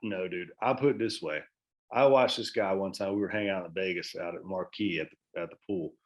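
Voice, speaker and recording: Rambling low-voiced man in casual chat. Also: brisk. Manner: rambling, many restarts and fillers, swears freely. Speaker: podcast guest.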